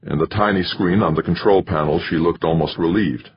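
A man narrating an audiobook in steady storytelling. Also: low voice, fairly quick, highs cut off, a little hiss or hum. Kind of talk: scripted narration.

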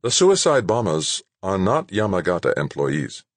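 A man's voice: low voice, big pitch swings, moderate pace, no room sound, pitched above the performer's own voice. A man voicing a young executive's son who speaks in a polite, gracious, solicitous way. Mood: calm.

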